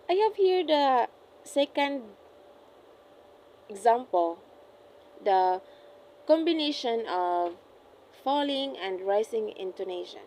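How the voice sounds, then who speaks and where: Slow, careful young woman reading a report. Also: a little high, sing-song, darkish tone, slight background noise, poor audio. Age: young adult. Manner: careful, deliberate reading with frequent self-corrections. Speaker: student presenting an assessment. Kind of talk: reading a class report aloud.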